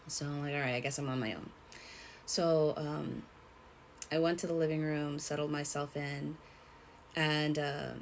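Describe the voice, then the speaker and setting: A young woman telling a personal story in a rambling, halting way, with many fillers and restarts. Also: low voice, slight background noise, low-quality recording. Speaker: vlogger.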